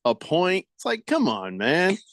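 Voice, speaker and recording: Rambling, animated male sports radio host. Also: high-pitched, moderate pace, no room sound. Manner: joking, rambling with many fillers and restarts. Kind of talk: casual sports talk.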